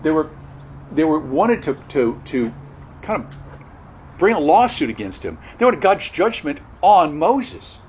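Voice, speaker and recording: Earnest male preacher, halting and self-correcting, with a lively rising and falling voice. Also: fairly high pitch, a little hiss or hum, rough recording. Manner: halting, repeats words, corrects himself mid-sentence; earnest expository teaching, stresses key words. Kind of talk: sermon.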